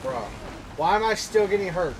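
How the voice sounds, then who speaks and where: A man's voice: high-pitched, lively intonation, normal speed, noisy background. Young man cursing through gameplay. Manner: frustrated, swearing outbursts. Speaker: gaming streamer. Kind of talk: gameplay commentary.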